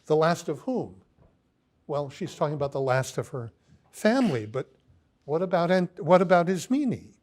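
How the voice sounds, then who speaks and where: A man giving a philosophy lecture, pausing often with ums and restarts as he reads quoted lines aloud. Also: on the high side, sing-song, darkish tone. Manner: halting, many ums and restarts.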